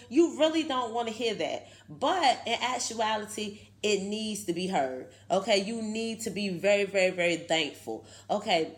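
A woman, giving a casual, emphatic motivational talk to her viewers and tagging many lines with "okay". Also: fairly low pitch. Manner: chatty, emphatic, keeps saying okay. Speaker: video host.

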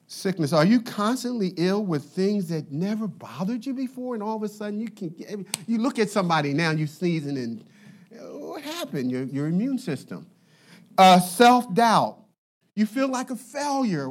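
Animated high-voiced male pastor preaching. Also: normal speed. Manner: animated, conversational preaching with playful asides. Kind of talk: sermon.

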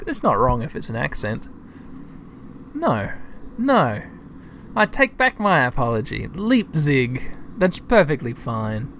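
A man's voice: mid-range voice, fairly bright tone, a little hiss or hum. A man giving casual gameplay commentary as a let's-play host, chatty and thinking aloud as he talks to his listeners.

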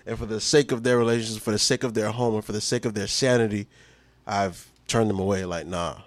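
A man's voice: lowish voice, steady tone, quick pace, no room sound. A man co-hosting a podcast, telling stories in casual chat, boastful and laughing, swearing freely. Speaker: podcast co-host.

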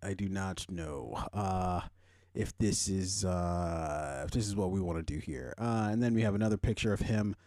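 A man hosting a podcast in casual solo commentary. He rambles and swears, uses a lot of fillers, and his pitch jumps high when he gets worked up. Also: normal speed, dark tone, dry recording, studio quality. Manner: rambling, profane, heavy on fillers. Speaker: podcast host.

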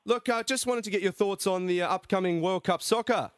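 A man's voice: high voice, a little fast, dry recording, studio quality. A man hosting a live radio segment, upbeat and laughing through the bit. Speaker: radio host.

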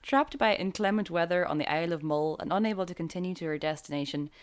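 A woman's voice: lowish voice, fast, clean tone. A young woman co-hosting a film podcast, chatting casually and laughing often. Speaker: podcast co-host.

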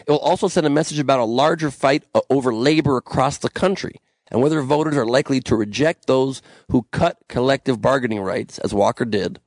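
A man's voice: medium pitch, a little mellow, no room sound. A young man hosting a podcast, reading the news with sarcastic, ranting commentary and frequent swearing, recorded alone in a small room. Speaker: podcast host.

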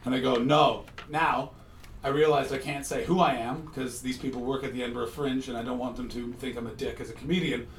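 A man hosting a live comedy podcast, telling stories in an animated, joking way, recorded from a distant mic in an echoey room. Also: medium pitch, fast, a little hiss or hum. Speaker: comedian host.

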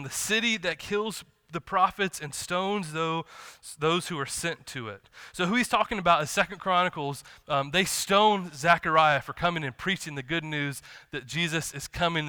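A male pastor delivers a casual, animated sermon in a bright, clear voice that sits slightly high. The sound is close and dry. He reads scripture aloud and slips into quick bits of acted dialogue. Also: no room sound. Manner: conversational and animated, quoting scripture and acting out dialogue. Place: church.

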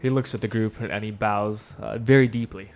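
A man with a lowish voice narrates a tabletop role-playing game as its game master. He talks casually and stops often on fillers. Faint music plays behind him. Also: fairly even intonation, moderate pace. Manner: casual, hesitant with many fillers. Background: background music.

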